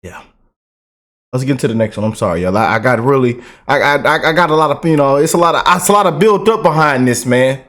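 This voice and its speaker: A man hosting a reaction channel, talking casually and excitedly to his viewers in fast bursts. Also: medium pitch. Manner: excited, animated, talks fast in bursts, drawls slow commands. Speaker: commentary channel host.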